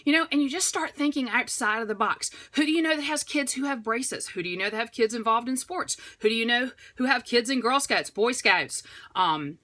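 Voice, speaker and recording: A woman coaching direct sellers in a chatty, upbeat way, acting out phone calls in a brighter voice. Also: a little high. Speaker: direct sales trainer. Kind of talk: motivational sales coaching talk.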